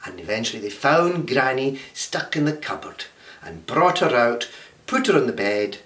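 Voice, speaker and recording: A man's voice: medium pitch, moderate pace. A man teaching a storytelling workshop, often checking in with the class. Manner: animated, checks in with "okay?". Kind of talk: storytelling lesson. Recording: roomy, distant mic.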